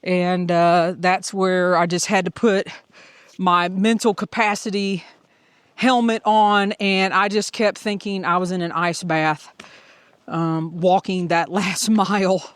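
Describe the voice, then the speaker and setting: A middle-aged Southern woman narrates her hiking day in a cheerful, talkative audio vlog. Her voice is smooth and resonant. The recording is dry and close. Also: on the low side, level tone, slow, dry recording. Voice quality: upbeat, chatty storyteller. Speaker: hiker vlogger.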